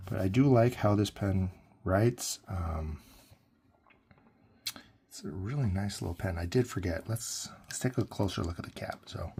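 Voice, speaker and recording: Low husky man reviewing a pen. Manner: relaxed, rambling with fillers and self-corrections. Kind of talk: casual product review.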